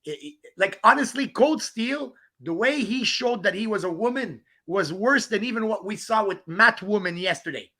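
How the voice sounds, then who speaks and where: A man's voice: high-pitched, lively intonation, moderate pace, hardly any pauses, bright, forceful tone. A man hosting a livestream outdoors, ranting and mocking a rival with profane jokes and laughter. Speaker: livestream host. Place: outdoors on a walk in the rain.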